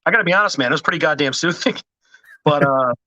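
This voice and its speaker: A man talking as a podcast guest in casual chat, hesitant with many restarts and quick to laugh. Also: a little high, lively intonation, pushed and bright, no echo, dull audio.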